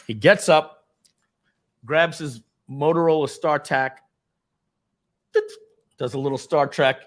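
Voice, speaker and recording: A man's voice: on the high side, steady tone, slow. A middle-aged man, a company founder, telling a dramatic personal story at a company event and acting out the scenes.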